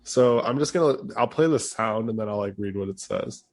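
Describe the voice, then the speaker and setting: A man's voice: fairly low pitch, fairly quick. Laid-back, swearing young male podcast host. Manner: loose, profane, laughs often. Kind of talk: casual chat.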